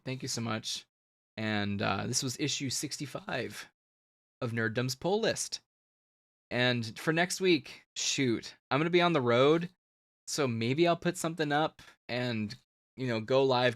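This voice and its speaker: This man's voice sits at medium pitch and sounds fairly bright. He's a comics show host closing out a casual live stream, loosely chatting and ranting to his viewers, laughing and addressing the chat.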